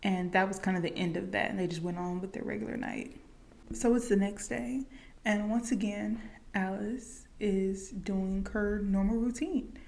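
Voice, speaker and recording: Woman, fry in the voice, mid pitch, chatty film recap, loose and conversational. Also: steady tone, normal speed, a little mellow. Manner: chatty, fillers like "like" and "you know". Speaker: movie reaction youtuber. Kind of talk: casual movie recap.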